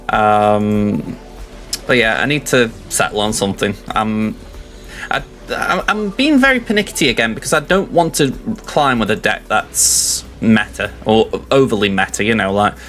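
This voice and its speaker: A man's voice: lowish voice, a bit bright. Chatty English man streaming a game. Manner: chatty, rambling, self-deprecating. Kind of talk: casual live-stream chat.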